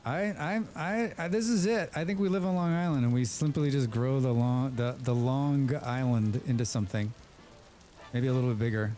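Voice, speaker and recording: A man of medium pitch talks at a moderate pace in a warm, fairly even tone while soft music plays behind him. He's hosting a casual let's play, rambling playfully with friends and often repeating his words as he comments on the game.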